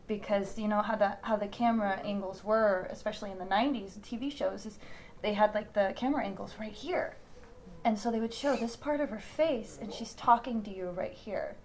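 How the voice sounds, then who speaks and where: A young actress from Houston chats through an interview, telling her stories in an animated way with fillers and laughter. Her pitch sits mid-range for a woman. A faint noise hums behind her. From Houston, Texas. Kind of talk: casual interview chat.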